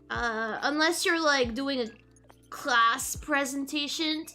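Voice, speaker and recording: Giggly, playful female streamer with French as her native tongue, very high and lively, runs a casual lesson. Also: slow pace, faint music behind. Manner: giggly, playful, easily distracted.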